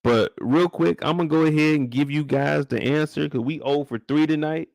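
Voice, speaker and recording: A young man hosting a casual livestream recap, animated and profane, often leaping into high exclamations. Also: normal speed, gravelly, dry recording, clean studio sound. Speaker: show host.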